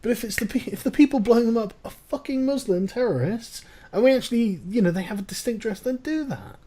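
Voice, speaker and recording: A man's voice: extremely high pitch, fast talker, warm tone. A man hosting a casual political chat, ranting with profanity and sarcasm. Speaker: host.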